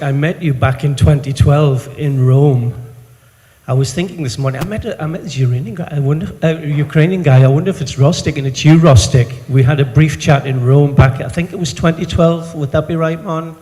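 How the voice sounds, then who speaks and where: A man's voice: a little high, fairly quick. A man from the United Kingdom, a charity worker, asking a heartfelt question from the audience. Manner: warm, emotional gratitude. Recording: reverberant conference hall.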